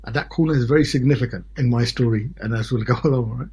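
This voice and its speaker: A man in his forties from Britain, a solicitor telling his story as a podcast guest in an animated way, often checking in with "yeah?" and "right?". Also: mid-range voice, fast, husky. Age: 40s. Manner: animated, peppered with tag questions like "yeah?" and "right?". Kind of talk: casual podcast interview storytelling.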